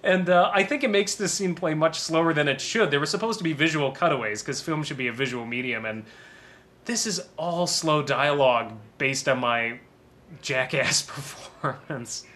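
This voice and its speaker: A man's voice: a little high, normal speed, sharp tone. A man giving a casual DVD commentary on his own film, rambling and self-deprecating and laughing often.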